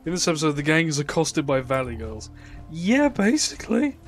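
A man's voice: a little high, big pitch swings, a little fast, faint music behind. A man streaming a video game live, making sarcastic, joking remarks over the game's dialogue. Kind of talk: live gameplay commentary.

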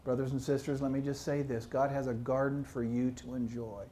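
A male pastor preaching a sermon, animated and full of rhetorical questions to his congregation. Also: medium pitch, fairly quick, slight background noise. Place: church.

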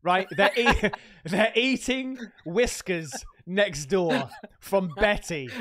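A man's voice: high-pitched, takes it slowly, crowd noise. A man hosting a casual chat, joking and laughing easily. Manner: jokey, laughing, calls everyone mate. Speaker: host.

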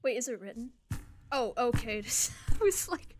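Young woman streamer, slow and swearing. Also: high-pitched, very animated, background noise. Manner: swearing, chatty, joking to chat. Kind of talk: live game streaming.

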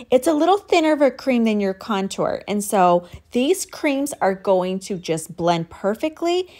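Upbeat woman walking through a makeup tutorial. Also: mid-range voice. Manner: upbeat, instructive, talks while demonstrating.

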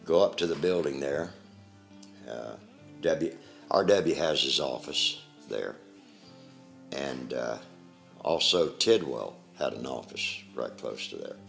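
Very deep gravelly older man. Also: lively intonation, fairly bright tone, soft background music. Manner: halting, plain-spoken storyteller. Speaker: interviewee. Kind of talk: recounting personal memories.

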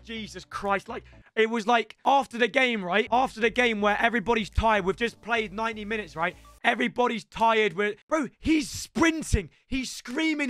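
A young man, reacting excitedly to footage of his own football match and breaking into loud play-by-play. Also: sits high, dry recording. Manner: animated, bursts into shouts of play-by-play.

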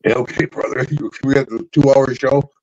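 An older man telling backstage stories in casual chat, lively and laughing as he acts out each voice. His middle-pitched voice comes through dull and lo-fi, like a damaged download. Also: normal speed, creaky. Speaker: podcast host, former pro wrestler. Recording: dull lo-fi audio.

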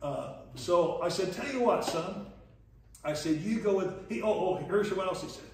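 A fairly high-voiced man preaching a leadership lesson, spinning stories with a folksy chuckle and playing out each character's lines. He is picked up from some distance across a very echoey church room, with a faint hum of ambience underneath. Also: normal speed. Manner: folksy, chuckling storyteller voicing dialogue. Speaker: pastor teaching leadership. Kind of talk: storytelling sermon lesson. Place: church hall.

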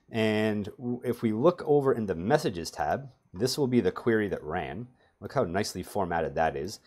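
A man's voice: on the low side, darkish tone. A middle-aged man teaching a database tutorial over a screen share, talking casually with sardonic, self-mocking humor. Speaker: database performance trainer.

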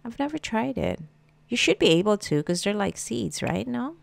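A woman's voice: mid-range voice, sing-song, moderate pace, gravelly, dry recording. A woman giving casual gameplay commentary, chatting to her game characters with plenty of fillers. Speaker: gameplay streamer.

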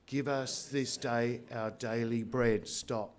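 Male pastor, mid-pitched, unhurried emphatic sermon delivery. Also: steady tone. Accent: Australian. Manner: slow, emphatic preaching with repeated phrases.

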